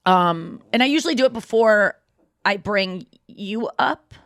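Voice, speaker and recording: A woman hosting a comedy podcast, chatting playfully in quick banter with her co-host. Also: mid-range voice, animated, fairly bright tone, dry recording, clean studio sound. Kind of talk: casual comedy podcast chat.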